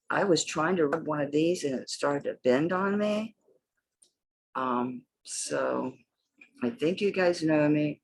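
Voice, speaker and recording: Husky, low-voiced woman vlogger. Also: poor audio. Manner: chatty, talks to her dog. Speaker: vintage jewelry seller. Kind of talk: casual vlog showing items. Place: home.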